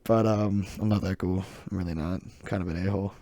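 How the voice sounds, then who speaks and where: A Southern US teenager hosts a solo podcast, rambling along, laughing a lot and poking fun at himself. His deep, mellow voice is fast with fairly even intonation, recorded on a close desk mic in studio quality with no room sound.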